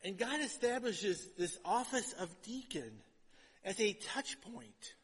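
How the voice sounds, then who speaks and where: A man's voice: high-pitched, lively intonation, slow, a bit bright, husky, long reverb tail. A male pastor preaching a conversational sermon, who often checks in with his listeners by asking "right?".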